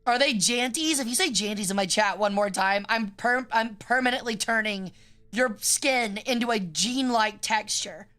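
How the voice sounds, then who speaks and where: A woman's voice: fairly high pitch, normal speed, a bit bright. A young adult woman streaming, chatting casually in a rambling, joking way with frequent swearing.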